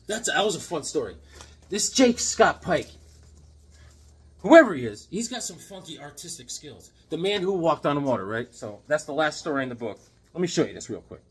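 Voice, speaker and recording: Husky, lively man in his fifties. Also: fairly high pitch, normal speed. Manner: animated and jokey, with sudden loud outbursts. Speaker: comic book collector. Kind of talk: casual chat showing comics.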